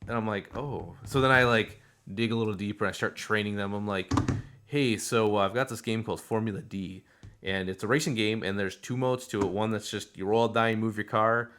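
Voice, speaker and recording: A man co-hosting a podcast, chatting casually about board games in a rambling, animated way and laughing often. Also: lowish voice, brisk, a little hiss or hum. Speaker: podcast co-host. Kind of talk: casual board game chat.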